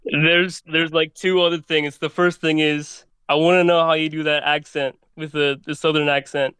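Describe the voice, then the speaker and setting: A man's voice: fairly high pitch, level tone, normal speed, a bit bright, smooth, no room sound. A man in his twenties calling into a chat show, laughing and self-deprecating as he talks. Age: 20s. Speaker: caller. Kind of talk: casual call-in chat.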